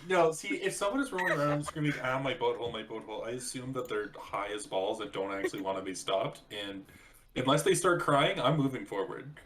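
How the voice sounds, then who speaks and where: Man, player, very lively intonation, joking, casual table chat. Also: medium pitch, a little fast, low-quality recording. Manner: joking, repeats himself when excited.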